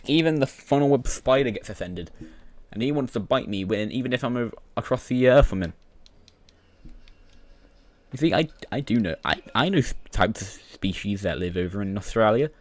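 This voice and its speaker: A man's voice: medium pitch, expressive, moderate pace, no echo. A British man who is a YouTuber, rambling through casual gaming commentary full of fillers and restarts.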